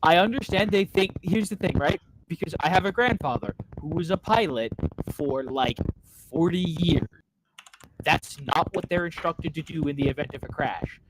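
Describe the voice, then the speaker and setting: A man's voice: on the high side, moderate pace, noisy background. A man co-hosting a comedy stream, chatting casually and ranting animatedly when he corrects the others. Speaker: co-host. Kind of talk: casual chat.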